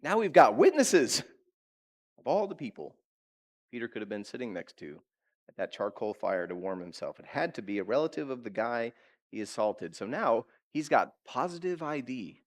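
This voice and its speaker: A male pastor delivering a sermon in a conversational, animated manner. He fires direct questions at his listeners and slips into acted-out quotes. His pitch sits in the middle range. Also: moderate pace. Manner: animated preaching, acts out quotes.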